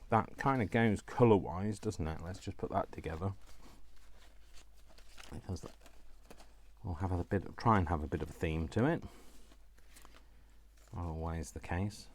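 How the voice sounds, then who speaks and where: Deep-voiced man chatting over crafts. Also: a little hiss or hum. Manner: rambling, talks to himself while sorting. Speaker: crafting channel host. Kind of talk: casual crafting vlog chat.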